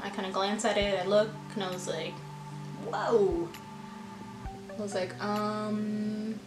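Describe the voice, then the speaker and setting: A woman's voice: medium pitch, fairly bright tone. Chatty young woman in an echoey room. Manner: chatty, filler-heavy, quotes herself with "I'm like". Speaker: vlogger. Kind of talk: casual personal storytelling.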